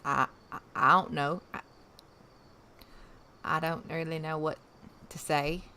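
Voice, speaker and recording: A woman from the American South with no regional accent hosts a casual livestream and answers viewers' questions. Her voice sits low, and she talks chattily, trailing off into fillers and restarts. Faint crickets chirp in the background. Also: steady tone, takes it slowly, pushed and bright, slight background noise. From Southern United States. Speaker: livestream host.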